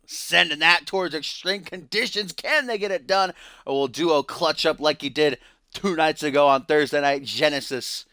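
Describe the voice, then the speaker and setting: A man calls a wrestling video game like a sportscaster, joking and swearing freely between bits of storyline recap. His voice sits a bit high and sounds bright and forward. His pitch swings widely, and the sound is close and dry. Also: normal speed, smooth, no room sound. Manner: profane, joking, sportscaster-style. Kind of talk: casual play-by-play commentary.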